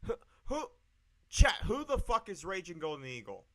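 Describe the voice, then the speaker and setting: A man's voice: sits high, sing-song, moderate pace, sharp tone. A man streaming live, ranting angrily with heavy swearing and repeating his points. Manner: profane, angry, repeats himself.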